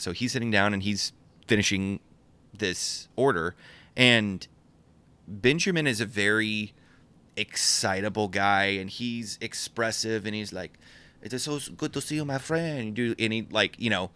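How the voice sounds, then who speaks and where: A man co-hosting a podcast, telling animated stories and often laughing as he goes. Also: lowish voice, moderate pace, smooth. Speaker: podcast co-host and menswear store buyer. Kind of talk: casual podcast storytelling.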